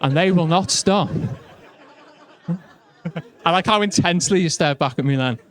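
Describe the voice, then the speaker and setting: A man's voice: on the high side, a little slow. A young man with a Liverpool accent doing a stand-up comedy set in a chatty, self-mocking way.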